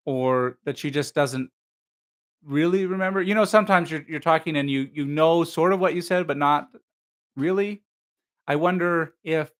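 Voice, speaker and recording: A man hosting a live reading of a novel, narrating steadily and then musing about the story in casual asides. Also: on the high side. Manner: measured narration, then musing unscripted commentary. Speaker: host reading a novel aloud.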